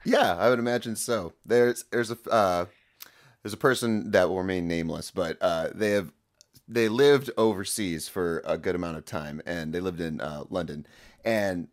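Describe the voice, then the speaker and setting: Deep-voiced wry American podcast man. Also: moderate pace. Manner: wry, meandering, opinionated. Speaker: podcast co-host. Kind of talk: casual podcast chat.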